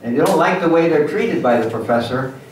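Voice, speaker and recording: A man giving a lively motivational lecture at a symposium, acting out little scenes for his audience. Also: on the high side, brisk, a little hiss or hum. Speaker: guest speaker at a symposium. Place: university lecture hall. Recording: echoey hall from far off.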